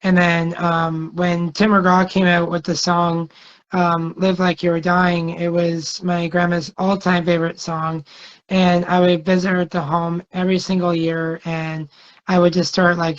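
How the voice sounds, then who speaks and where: A man, a guest singer, telling long stories in a casual interview, rambling and hesitant with many fillers. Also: fairly high pitch. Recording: dull lo-fi sound.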